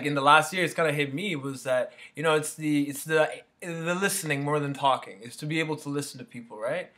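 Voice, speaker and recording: A man giving a casual motivational street talk, rambling as he goes and tagging on "right?" and "you know". His voice sits a little high, with a bright, forceful edge. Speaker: motivational speaker.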